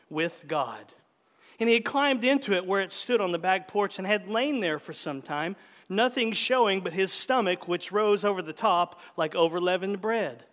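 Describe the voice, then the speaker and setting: A male preacher giving a sermon, reading a story aloud and then speaking earnestly and directly to the congregation in a measured way. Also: high voice, a bit bright, in a large hall.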